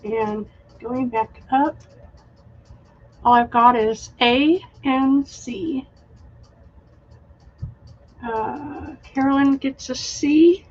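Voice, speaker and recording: Slow-talking woman hosting a live craft sale. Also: high-pitched, lo-fi sound. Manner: chatty, unhurried, shows items and reads out bidders. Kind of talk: live online sales stream.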